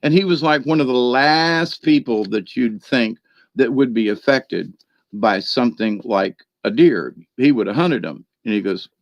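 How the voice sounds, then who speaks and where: A man telling a rambling personal story in a chatty way, laughing often and filling pauses with ums and restarts. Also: medium pitch, dry recording. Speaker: spiritual card reader. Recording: dry, dull lo-fi sound.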